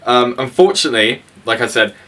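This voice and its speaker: A man's voice: medium pitch, lively intonation, brisk, a bit bright. A young man co-hosting a casual film review, blunt and opinionated, sweary, laughing often. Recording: voice from a distance.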